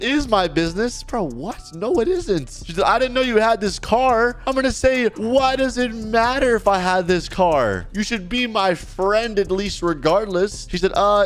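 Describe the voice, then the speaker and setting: A young man giving excitable, jokey gameplay commentary and reading chat messages aloud. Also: on the high side. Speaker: gaming YouTuber.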